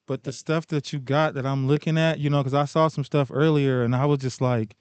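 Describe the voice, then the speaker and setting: A man's voice: medium pitch, steady tone, fairly quick, darkish tone, clean tone, dry recording. A man hosting a podcast, talking in a hyped, slangy, friendly way. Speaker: podcast host. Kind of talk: casual podcast chat.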